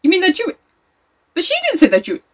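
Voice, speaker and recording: A woman's voice: very high-pitched, huge pitch swings, a little fast. A woman casually chatting as a co-host, recapping a novel, laughing often and swearing. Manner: laughs often, swears, reads passages aloud. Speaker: podcast co-host.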